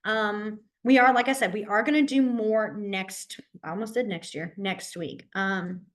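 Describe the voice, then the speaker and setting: Her voice is medium in pitch, steady, and unhurried as she teaches a sign language class over video. The woman patiently explains the signs one by one, regularly checking in with "okay?"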